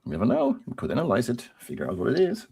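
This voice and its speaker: Male player, gravelly and dark, matter-of-fact. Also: medium pitch, wildly swooping pitch, very fast, no echo. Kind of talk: casual tabletop play.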